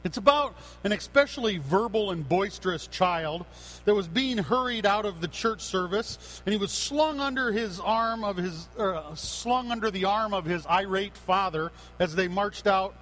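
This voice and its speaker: A man preaching a sermon as a pastor, earnest and unhurried, with frequent fillers and restarts. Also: high voice, fairly bright tone, rough recording.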